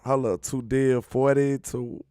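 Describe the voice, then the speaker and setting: A man's voice: medium pitch, little pitch movement, a little slow, dark tone, clear, resonant tone, no echo, clean studio sound. A man hosting a casual sports talk livestream, reading viewer comments and riffing on them in emphatic slang. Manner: slangy and emphatic, worked up about his team. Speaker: sports talk show host.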